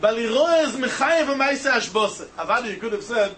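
A man's voice: extremely high pitch, fairly quick, a little hiss or hum. A man teaching a style Talmud lecture, arguing animatedly in a sing-song way. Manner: animated, mixes Hebrew, Aramaic and Yiddish terms into English, sing-song reasoning.

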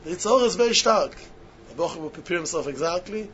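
A man with a high voice preaches in to his students. He hammers key phrases over and over, jumping from loud insistence to quiet, hushed asides. The recording is dull and lo-fi, with a faint hiss underneath. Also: animated, fast. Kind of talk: sermon.

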